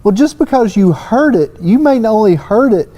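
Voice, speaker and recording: A man's voice: high-pitched, big pitch swings, normal speed, mellow. A man with a Southern US accent talking on a technical panel in a folksy, rambling way full of "you know". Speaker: panel guest, surface-finishing expert. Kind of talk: casual technical panel talk. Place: trade expo stage.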